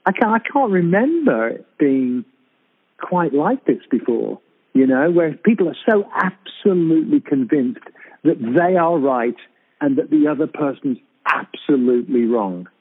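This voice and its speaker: A man's voice: a little high, very animated, unhurried. Hesitant man on a tinny phone line. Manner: hesitant, with many fillers and restarts. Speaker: guest on a radio show. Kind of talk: casual radio chat. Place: abroad in Britain, calling in.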